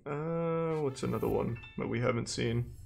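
A man's voice: mid-range voice, normal speed, creaky, a little mellow, a little hiss or hum. A man streaming a reaction video, making wry jokey asides and reading out viewer thanks. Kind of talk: casual reaction commentary.

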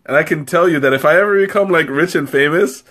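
This man talks quickly in a fairly high, fairly bright voice with a slightly rough texture. He's on a live stream tasting tea, chatting casually and rambling, giggling frequently, mocking himself, his nose running from the spicy tea.

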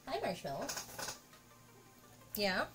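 Over music, a woman with a mid-range, sing-song voice speaks slowly while streaming from her home craft workspace. She chats casually with viewers and talks to her cat as she works.

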